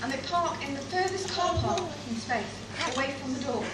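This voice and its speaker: A woman's voice: high voice, expressive, brisk. A woman doing live stand-up in a coffee shop, telling her story with self-mocking humour. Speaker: stand-up performer. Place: coffee shop performance space. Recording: echoey room, distant mic, loud background noise.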